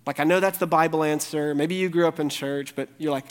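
A male pastor's slightly high voice, brisk and fairly even in intonation, echoes with the long reverb of a large hall. He is preaching a morning sermon in a church sanctuary, pleading earnestly and directly with the congregation.

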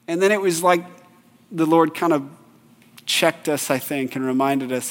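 A man's voice: fairly high pitch, moderate pace, a bit bright. Thirtysomething guy preaching, chatty, tells stories from his own life, church hall echo hanging on every word. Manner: conversational, with personal stories. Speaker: pastor. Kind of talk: sermon.

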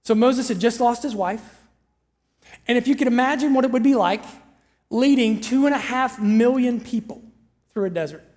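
A pastor preaching in a relaxed, conversational way, telling stories and checking in with the listeners as they go. The voice sits at a middle pitch, and a long reverb hangs on every phrase from the large hall. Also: moderate pace, pauses often. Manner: conversational, storytelling preaching with asides to the audience. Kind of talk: sermon.

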